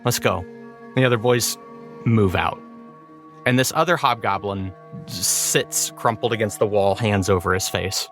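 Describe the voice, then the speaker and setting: A man's voice: fairly low pitch, a little slow, fairly bright tone, faint music behind. A man narrating a tabletop role-playing game as game master, describing scenes in a loose, storytelling way.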